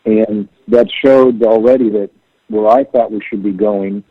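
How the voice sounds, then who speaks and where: A middle-aged man, a musician, telling stories in an animated way over a phone call and acting out the voices he quotes. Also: on the low side, measured pace, breathy edge, no room sound. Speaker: musician guest. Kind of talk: storytelling interview over the phone. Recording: tinny phone line, dry.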